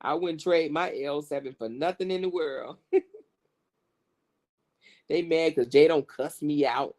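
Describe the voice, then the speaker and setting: A woman's voice: deep voice, a little slow. Woman, livestream host, gossipy chat, salty language, frequent laughter. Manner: profane, animated, laughs often.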